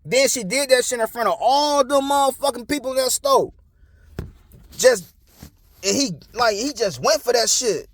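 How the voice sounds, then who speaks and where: Blunt, profane man with a high voice. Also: expressive, normal speed. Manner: blunt, profane, preachy street talk. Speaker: commentator. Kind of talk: casual monologue.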